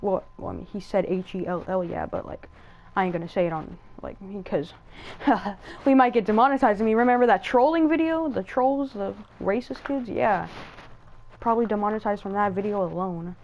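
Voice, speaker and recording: A woman's voice: medium pitch, moderate pace, slight background noise, poor audio. A woman telling a rambling gaming story. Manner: rambling, excitable, many fillers and restarts. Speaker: gaming channel host. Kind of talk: casual story time over gameplay.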